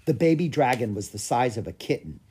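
A man reading a children's book aloud as scripted narration, with a lively storytelling manner. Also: medium pitch, fairly quick, slightly rough. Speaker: audiobook reader.

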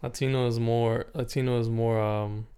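A man in casual podcast chat, laid-back and often laughing as he tells drawn-out stories. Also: medium pitch, little pitch movement, mellow, clear, resonant tone.

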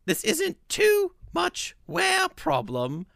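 A woman voicing a young office worker reading her own complaint review, in a high, piercing, plaintive voice. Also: huge pitch swings, extremely slow, creaky, fairly bright tone, no room sound, full character voice.

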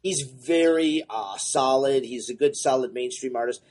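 A man co-hosting a casual comics podcast, rambling and excitable, running a comic shop and apologizing for talking too much. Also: medium pitch, moderate pace. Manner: rambling, excitable, self-deprecating.

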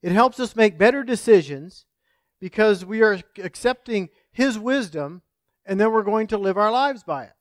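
High-voiced earnest male pastor. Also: lively intonation, moderate pace, dry recording, clean studio sound. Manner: earnest, folksy storytelling with frequent restarts. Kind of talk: sermon.

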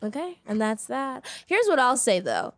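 A quick-riffing woman co-host on a podcast, chatting casually. Her voice sits a bit high. The sound is dry and close, with no room in it. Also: wildly swooping pitch, fairly bright tone, dry recording. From Boston. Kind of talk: casual chat.

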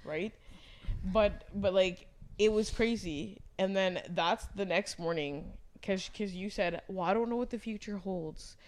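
Animated, profane woman storyteller. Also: mid-range voice, a little slow. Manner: animated, acts out quoted lines in her retelling. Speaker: podcast co-host. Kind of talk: casual chat.

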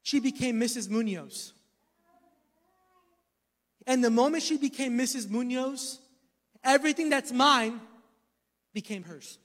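A man's voice: extremely high pitch, a little slow, long pauses, a bit bright, long reverb tail. A man in his thirties preaching a sermon, mixing a personal story with emphatic preaching. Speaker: pastor.

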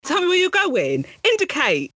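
A woman's voice: very high-pitched, wildly swooping pitch, moderate pace, a bit bright, no echo. A young woman, co-hosting a podcast and quizzing her friends in an exasperated, casual way. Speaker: podcast co-host. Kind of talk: casual chat.

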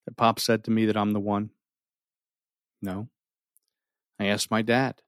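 A middle-aged man telling a personal story with earnest feeling, often sinking his voice low and holding back tears. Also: level tone, unhurried, dry recording, clean studio sound. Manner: earnest, emotional, often drops to near a whisper. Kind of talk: personal story told to an audience.

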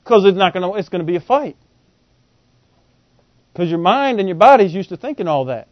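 Male preacher, high voice, animated Bible teaching; dry, lo-fi sound. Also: fast, no room sound. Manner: animated, quizzes the audience with rhetorical questions. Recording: dull, lo-fi and dry.

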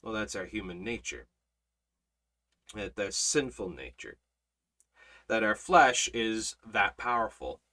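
A man teaching a Bible study in a preaching style, emphatic, repeating words and swinging between loud and soft. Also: fairly low pitch, animated, slow, long pauses.

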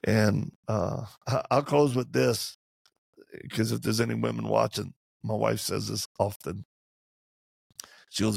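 A man, an interview guest, telling candid and humorous stories in conversation and acting out quotes in lively voices. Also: fairly low pitch, unhurried, vocal fry, pauses often, husky, dry recording, studio quality. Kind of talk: animated storytelling in conversation.

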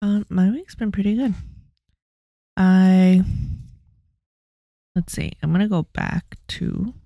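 Relaxed young woman with gravelly tone. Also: medium pitch, slow pace, dry recording, clean studio sound. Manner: relaxed storytelling, laughs easily. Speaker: podcast co-host. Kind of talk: casual chat.

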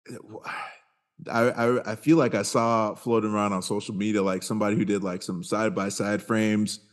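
The man speaks in a fairly low voice, hosting a relaxed chat among friends. He talks loosely and profanely, breaking into laughs often. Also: brisk. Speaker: podcast host. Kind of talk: casual chat.

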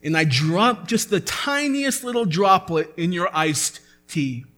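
A man's voice: high voice, very animated, unhurried, fairly bright tone, faint music behind. A man preaching a sermon as pastor, earnest and building to emphatic peaks.

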